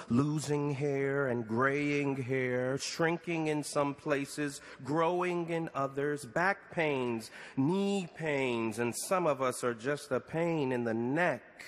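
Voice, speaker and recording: A middle-aged man preaching a sermon framed as a prayer to God, with slow deliberate pauses and rising questions. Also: mid-range voice, long reverb tail.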